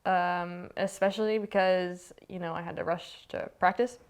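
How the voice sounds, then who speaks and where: A woman's voice: on the low side, steady tone, moderate pace, clear, resonant tone. A young woman from the United States, a youth soccer player, recounts her story in a documentary interview, chatty and full of fillers.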